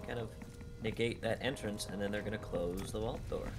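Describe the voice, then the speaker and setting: A man's voice: fairly low pitch, brisk. A man casting an esports match play-by-play, his energy rising when the fights break out. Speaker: esports caster.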